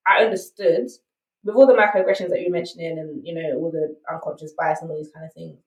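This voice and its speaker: A woman's voice: sits low, fairly even intonation, fast, darkish tone, reverberant, distant mic, poor audio. A woman with a South London accent, a podcast guest telling her story candidly and emphatically, often checking in with "right?". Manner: emphatic, rhetorical asides like "right?".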